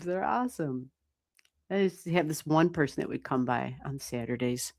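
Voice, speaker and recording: A woman giving live astrology readings on a stream, chatty and animated, swearing casually and laughing often. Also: low voice, normal speed, vocal fry. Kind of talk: casual livestream chat.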